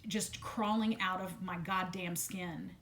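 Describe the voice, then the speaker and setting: Halting woman telling a hard story. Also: lowish voice, steady tone, fairly bright tone, a little hiss or hum. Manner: halting, many restarts and repeated words, blunt swearing. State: still detoxing from medication at filming. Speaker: vlogger sharing a personal story. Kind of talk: unscripted personal account to camera.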